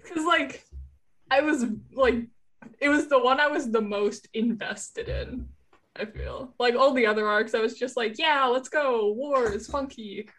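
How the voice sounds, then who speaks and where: Slightly high-voiced young woman, casual. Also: measured pace, a bit bright. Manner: laughing, hesitant, lots of fillers. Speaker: fan interviewee. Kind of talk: casual chat.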